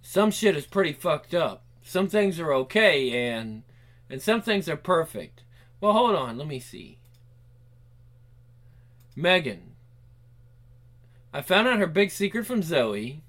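A man's voice: on the high side, big pitch swings, slow, pauses often, a bit bright. A man voicing a game's hero, thinking aloud in a panicky way and swearing often. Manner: cursing, panicky, talks to himself. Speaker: player voicing the protagonist. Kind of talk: game voice-over playthrough.

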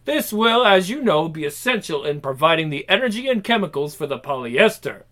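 A man's voice: on the high side, very animated, fairly quick, sharp tone. A man doing a formal German-accented inventor. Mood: businesslike. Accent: put-on German. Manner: formal, businesslike.

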